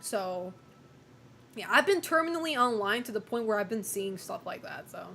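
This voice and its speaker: A woman's voice: mid-range voice, normal speed, gravelly, a bit bright, faint music behind. A woman streamer chatting casually with viewers, opinionated, swearing and laughing often.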